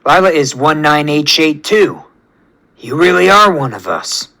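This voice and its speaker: A man voicing a hot-headed, aggressive male raccoon who talks gruffly and threateningly. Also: on the high side, big pitch swings, measured pace, bright, forceful tone, exaggerated voice. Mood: calm.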